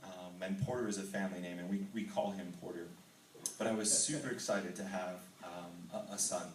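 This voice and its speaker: A man's voice: low-pitched, level tone, a little fast, a little hiss or hum. Earnest man speaking in a roomy hall. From Texas. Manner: earnest, reads scripture then tells personal story with filler ums. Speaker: men's ministry speaker. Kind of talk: testimony talk to a men's group. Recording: roomy hall, voice from far off mic.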